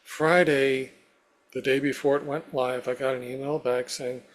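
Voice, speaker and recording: A man's voice: mid-range voice, level tone, fairly quick. A man as an interview guest, telling a personal story step by step with many "you know" fillers.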